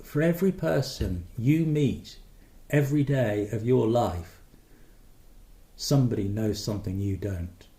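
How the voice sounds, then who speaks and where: Earnest, gravelly male podcast host. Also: medium pitch, lively intonation, unhurried, warm tone, roomy sound. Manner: earnest, encouraging. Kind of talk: casual chat.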